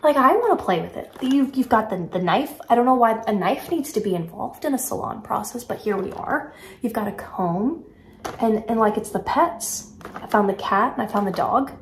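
A woman's voice: fairly high pitch, lively intonation, normal speed, echoey room, slight background noise. A woman chatting casually and enthusiastically while showing off a shopping haul, with lots of filler words. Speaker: haul vlogger. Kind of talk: casual product haul chat.

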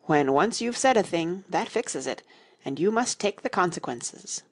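A woman's voice: fairly low pitch, animated, measured pace. A woman reading the part of a stern, bossy elderly queen who lectures emphatically in a fairy-tale audiobook. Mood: haughty.

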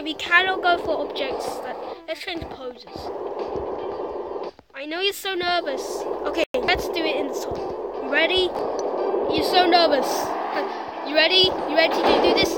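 A woman commenting on a physics game she is playing, excitable and teasing, trash-talking the crash dummy on screen. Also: very high voice, very noisy. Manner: excitable, shouts and trash-talks the game character. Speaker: gameplay commentator. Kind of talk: excited let's-play commentary. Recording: loud game music behind.

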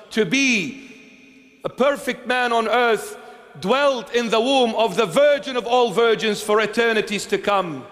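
A man preaching a sermon as a bishop, impassioned and repetitive, swinging from loud declarations to hushed tenderness. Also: high voice, big-room sound. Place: church.

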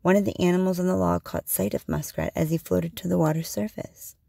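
A woman reading a storybook aloud in a slow, measured way. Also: on the low side, steady tone, vocal fry, mellow, dry recording, clean studio sound.

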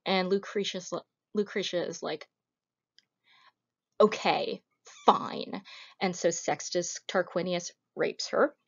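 A woman's voice: lowish voice, husky. A woman giving a recorded history lecture in a casual, conversational way, with wry asides. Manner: informal, wry asides, retells scenes with acted quotes. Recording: slightly dull lo-fi audio.

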